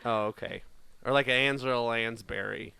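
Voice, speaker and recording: A man's voice: mid-range voice, steady tone, normal speed, vocal fry, bright, forceful tone, smooth, dry recording. A man co-hosting a podcast, chatting casually and joking. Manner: joking, playful. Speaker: podcast co-host. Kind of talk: casual chat.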